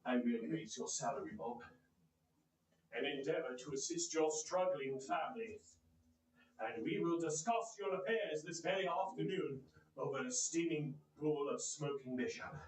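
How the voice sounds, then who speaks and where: A gruff old miser, reformed and secretly jolly, barks at his clerk with pretend sternness, voiced by a man telling the tale. The voice sits fairly high for a man. A roomy hall echoes around him. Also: expressive, measured pace. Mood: mock-gruff. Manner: growling then gleeful. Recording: echoey room.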